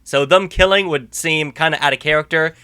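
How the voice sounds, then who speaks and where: A male YouTuber talks excitedly through a trailer breakdown with a higher-pitched voice. His tone is piercingly bright and forceful. He sounds chatty and keen, thinking aloud as he goes. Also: fairly quick, clear, resonant tone. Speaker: YouTube host.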